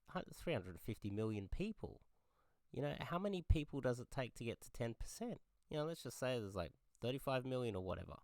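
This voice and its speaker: A man's voice: mid-range voice, no room sound, clean studio sound. An Australian man giving an angry political rant, heated, swearing and often repeating himself. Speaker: political commentator. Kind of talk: angry ranting monologue.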